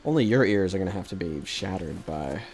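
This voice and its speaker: A man's voice: low voice, expressive, a little fast, darkish tone, a little hiss or hum. A man streaming a strategy game, chatting with viewers in a rambling, self-deprecating way with lots of hesitations into a desk microphone. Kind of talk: casual live-stream chat with viewers.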